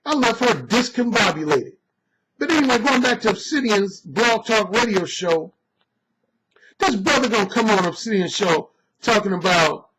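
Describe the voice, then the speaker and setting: Brief: male author-coach with a high voice, cocky and emphatic, swearing freely, on a noisy recording. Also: lively intonation, a little fast. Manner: boastful, emphatic, blunt with profanity. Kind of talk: opinionated monologue.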